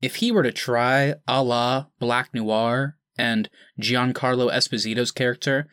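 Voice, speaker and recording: A man co-hosting a podcast, talking in an animated, sarcastic and profane way. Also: medium pitch, no echo, studio quality. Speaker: podcast co-host. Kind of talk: casual podcast chat.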